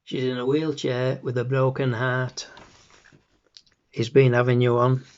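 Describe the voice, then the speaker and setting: A middle-aged man, recounting in a flat, deadpan way in a scripted dramatic monologue. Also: medium pitch, measured pace, close to an everyday voice. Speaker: actor in a monologue. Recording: dull lo-fi recording.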